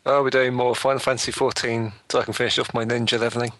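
A man's voice: medium pitch, flat delivery, fast, fairly bright tone, no room sound. A man on a podcast panel, laid-back and brief in casual chat.

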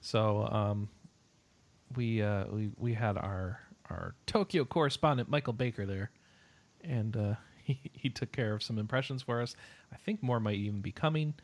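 A man's voice: on the low side, normal speed. Playful rambling male podcast host. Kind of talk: casual podcast chat.

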